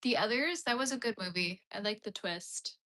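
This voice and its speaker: A woman's voice: medium pitch, animated, normal speed, bright, forceful tone. A young Canadian woman on a crochet livestream, chatting casually with viewers in a rambling way with lots of "like". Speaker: crochet live streamer. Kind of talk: casual live chat while crocheting.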